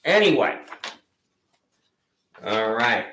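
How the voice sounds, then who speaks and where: A man's voice: medium pitch, very animated, drawn-out words, bright, forceful tone, echoey room, poor audio. A man delivering a mocking, badgering monologue at a sheriff, repeating taunting questions. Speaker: local gadfly taunting a sheriff. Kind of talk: ranting monologue addressed to a sheriff.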